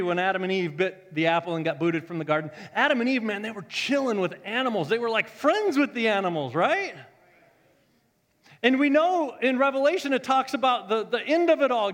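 A male pastor telling a story in a sermon, joking and animated, swinging from loud bursts to hushed tones. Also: high voice, normal speed, big-room sound.

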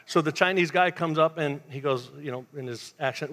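A male pastor preaching a sermon in church, telling a lively story and dropping to a hush for emphasis. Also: on the high side, fast, few pauses. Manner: animated storytelling, swings from loud to hushed. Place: church sanctuary.

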